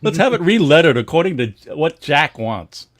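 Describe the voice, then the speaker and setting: A man's voice: a little high, very animated, normal speed. A middle-aged man co-hosting a casual livestream about comic art, rambling with many restarts and laughing often. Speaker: co-host of a comics history show.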